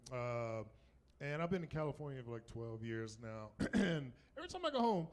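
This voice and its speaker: A man's voice: medium pitch, big pitch swings, normal speed, a little mellow. A man in his fifties from North Carolina with a Southern accent, doing a loose, conversational stand-up set on a club stage, often asking "right?" and laughing at his own jokes. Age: 50s. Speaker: stand-up comedian. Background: audience laughter.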